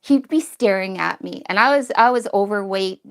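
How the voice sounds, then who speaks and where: Gravelly-voiced teary woman livestreaming. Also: medium pitch, normal speed. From Canada. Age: middle-aged. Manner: emotional, rambling, talks to chat viewers. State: teary, recently crying. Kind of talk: casual live-stream chat. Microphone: cheap phone.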